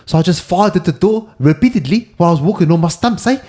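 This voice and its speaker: Man doing a put-on South African accent, brash athlete, mocking excuses, higher than his own voice. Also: expressive, quick pace, warm tone.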